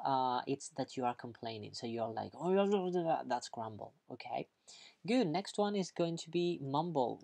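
A lively English teacher walks learners through vocabulary in a casual, talkative way. The teacher keeps checking understanding with quick asides and playfully acts out each example. The voice sits at an ordinary middle pitch. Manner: upbeat, chatty, keeps checking in with "okay?"; playful, acts out examples, laughs at own jokes. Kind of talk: online grammar lesson, explaining vocabulary.

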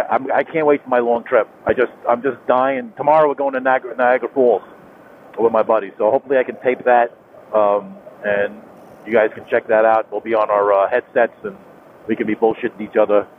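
A motorcycle vlogger talks casually into his helmet mic while riding down a rural highway. He rambles and repeats himself, full of fillers and restarts. The audio is tinny and phone-like, with road noise underneath.

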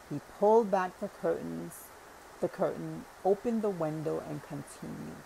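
Slow, low-voiced woman narrator. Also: gravelly, a little hiss or hum, low-quality recording. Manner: calm, deliberate reading. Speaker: audiobook narrator. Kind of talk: scripted narration.

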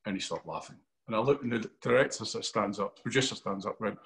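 A Glaswegian actor telling an animated interview anecdote, acting out quotes and swearing freely. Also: male voice, lowish voice, fast, hardly any pauses. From Scotland.

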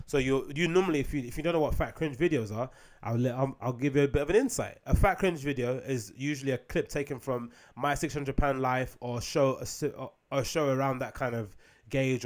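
A man hosting a solo podcast, rambling casually with frequent ums, swearing and rhetorical asides. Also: medium pitch. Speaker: podcast host.

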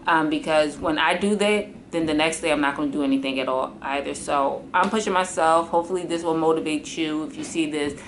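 A woman vlogging about her workout in a casual, rambling way, full of ums and likes, sounding tired and low on energy at home. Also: steady tone, fairly quick, few pauses, slight background noise. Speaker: fitness vlogger and mother. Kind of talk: casual chat to camera.

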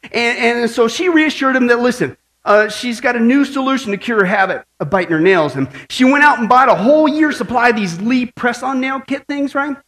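Man, pastor, high voice, animated joke-telling sermon, asks "right?" a lot. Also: a little fast. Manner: animated storyteller, tags lines with "right?".

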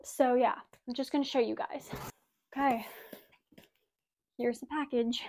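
High-voiced young woman gushing excitedly. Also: a little slow. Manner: gushing, excitable, many "like" and "oh my gosh". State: slightly out of breath. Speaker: vlogger. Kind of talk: casual unboxing vlog. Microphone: wireless mic.

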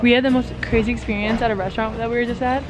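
A young woman chats brightly into a handheld camera as she travels, giggly and full of "so cute" and "like." Her voice sits a bit high. Music plays under her talk. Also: steady tone, rapid-fire. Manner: bubbly, giggly, lots of "like" and "so cute". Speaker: travel vlogger. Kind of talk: casual travel vlog. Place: outdoors and in restaurants while traveling.

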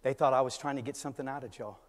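A man's voice: mid-range voice, steady tone, racing. Older male pastor preaching in a reverberant hall. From California. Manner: storytelling preacher, swings from quiet to shouting. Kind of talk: sermon. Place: church sanctuary. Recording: church hall with long reverb.

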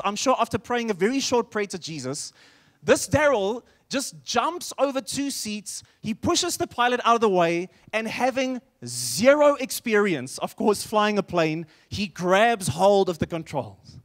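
A male pastor preaching a sermon in church, telling a story with emphatic, animated delivery. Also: high voice.

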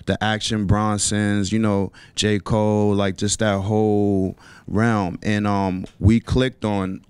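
Radio guest: New man, relaxed street slang, smooth low voice, dry studio mic. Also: takes it slowly, no echo. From New York. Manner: laid-back slangy talk with many fillers. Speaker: rapper and songwriter guest. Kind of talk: casual radio interview.

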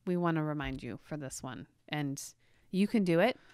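A woman in her forties co-hosting a podcast, telling a family story with lively emotion and many restarts. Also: low voice, moderate pace, smooth, dry recording, studio quality. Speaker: podcast co-host. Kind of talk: casual storytelling chat.

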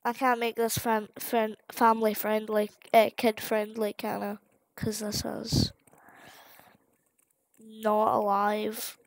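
A woman's voice: fairly high pitch, monotone, slow pace, no echo. A woman giving casual gameplay commentary, rambling along with plenty of fillers and restarts. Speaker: gamer.

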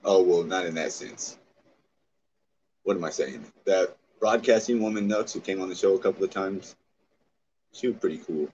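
Brief: man, very low voice, excitable profane streamer bantering with chat, dull lo-fi audio with faint hiss. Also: normal speed, long pauses. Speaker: livestreamer. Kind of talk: casual livestream chat.

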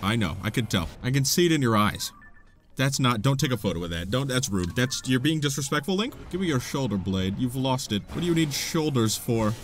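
A man's voice: medium pitch, very animated, a little fast. A man giving playful, sarcastic gameplay commentary as a video host, often laughing. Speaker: gaming YouTuber.

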